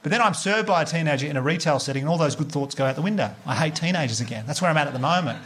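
An Australian man rattles through a stand-up set at a quick clip, his voice sitting a little high. He chats casually with the crowd, swears freely and acts out bits of dialogue. The live recording carries clear noise behind him. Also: animated, fairly bright tone. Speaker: stand-up comedian. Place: comedy venue with live audience.

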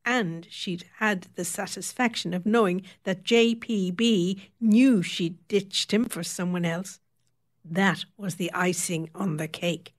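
Woman narrating a story, lowish voice. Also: slow pace. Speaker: audiobook narrator. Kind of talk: scripted narration.

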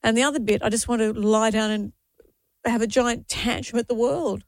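A woman in her sixties co-hosting a radio show, talking with halting restarts while grieving. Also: fairly high pitch, fairly even intonation, creaky, dry recording, studio quality. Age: 60s. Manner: emotional, halting, frequent restarts. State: grieving, tearful. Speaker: radio co-host. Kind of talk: casual on-air chat.

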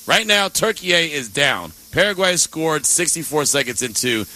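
Bright-voiced playful sports radio host man. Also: a little high. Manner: animated, playful, quick banter. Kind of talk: casual sports radio chat. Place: radio studio.

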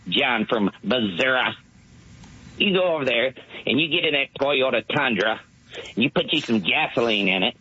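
A man's voice: medium pitch, pushed and bright, breathy edge, no echo. A man calling in to a sports radio show with a long mocking rant. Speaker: caller. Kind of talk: rant call-in. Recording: muffled phone-in audio.

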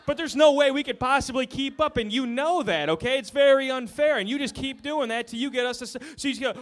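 A man's voice: very high voice, a little fast, hardly any pauses, a bit bright. A man doing a stand-up routine, ranting and swearing as he builds his bit. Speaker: stand-up comedian.

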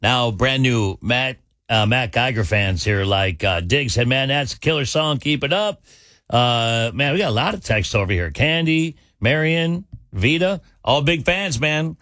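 A man's voice: mid-range voice, animated, a bit bright, no room sound, clean studio sound. A man hosting a morning radio show, bantering and running a quiz game. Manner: jokey, chatty, quick banter.

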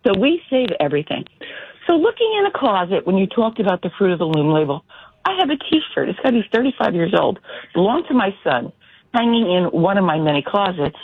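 A woman's voice: on the low side, husky, no room sound. Chatty woman caller on a phone line. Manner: chatty, animated storyteller. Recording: phone line with faint noise.

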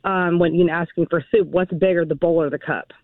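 A woman calling in to a radio show, telling a story from work in a halting way with lots of fillers. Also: fairly low pitch, steady tone, slight background noise. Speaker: caller. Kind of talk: casual phone call. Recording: tinny phone line.

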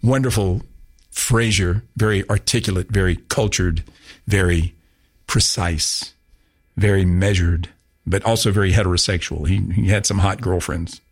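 Guy hosting talk radio, lowish voice, rambly and joking at his own expense. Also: moderate pace, slightly rough. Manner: chatty, rambling, self-mocking, frequent restarts. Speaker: radio show host. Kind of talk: casual talk radio chat.

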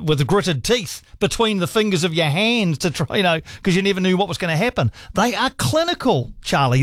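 A man's voice: dry recording, clean studio sound. A man hosting sports talkback radio, enthusiastic and encouraging with callers. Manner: enthusiastic, warmly encouraging callers, rising pitch when excited. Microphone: studio mic.

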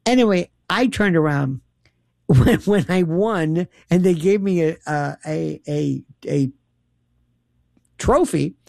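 Woman, storyteller, animated and laughing, dry booth sound. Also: on the low side, takes it slowly, vocal fry, no room sound. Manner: animated, laughing, dramatic quoted voices. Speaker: radio host guest. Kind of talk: casual storytelling chat.

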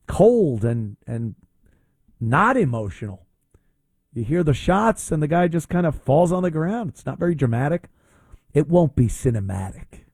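A man's voice: fairly high pitch, a little mellow, no room sound. A man hosting his own talk show, delivering an opinionated monologue in a mocking, rambling way with many fillers.

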